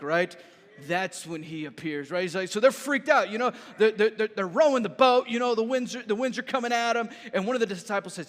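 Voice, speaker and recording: A man preaching a sermon as a pastor, telling his story with lively repeats and a habit of asking "right?". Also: high-pitched, fairly quick. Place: church sanctuary. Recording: reverberant church hall.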